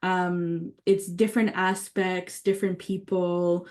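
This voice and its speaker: A woman's voice: fairly low pitch, level tone, takes it slowly, a little mellow. A woman leading a writing workshop, talking enthusiastically and thinking aloud with many fillers and restarts. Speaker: workshop leader.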